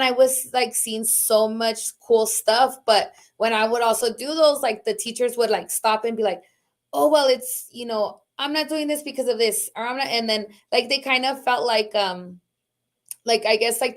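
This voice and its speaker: A woman in her thirties from Socorro, a high school teacher and department chair, talking casually on a video call with lots of fillers. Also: fairly even intonation, moderate pace, fairly bright tone. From Socorro, Texas. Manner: chatty, many fillers like "like" and "um".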